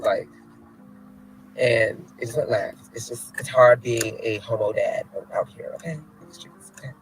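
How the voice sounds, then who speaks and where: A man's voice: mid-range voice, fairly even intonation, a little slow, soft background music, poor audio. A man filming himself outdoors in front of a building, talking to camera in a flamboyant, theatrical, mocking casual rant. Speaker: activist filming a street vlog.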